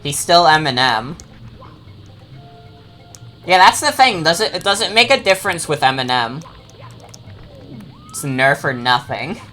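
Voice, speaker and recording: Low, lively woman streamer. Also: a little slow, pauses often, soft background music. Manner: chatty, joking, swears freely. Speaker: game streamer. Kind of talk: casual gameplay commentary.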